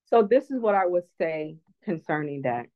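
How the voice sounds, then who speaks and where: A woman's voice: on the low side, lively intonation, moderate pace. A woman guest speaker, earnest and reflective, telling a personal story in an online talk. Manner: earnest, reflective, many restarts. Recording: tinny phone-line audio.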